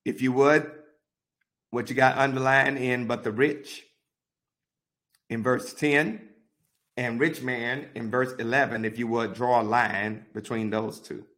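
Man leading a slow Bible study. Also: medium pitch, fairly even intonation, fairly bright tone. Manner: slow, deliberate, repeating instructions. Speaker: pastor.

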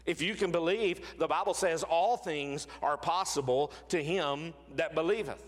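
A man preaching a sermon as pastor, earnest, slowing and dropping his voice on key phrases. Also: a little high. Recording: long reverb of a large hall.

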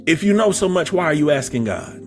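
High-voiced preacher building to shouts. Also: male voice, sing-song, a little fast, soft background music. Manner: emphatic, repetitive, builds to shouting; humorous storytelling with stammered restarts. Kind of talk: sermon.

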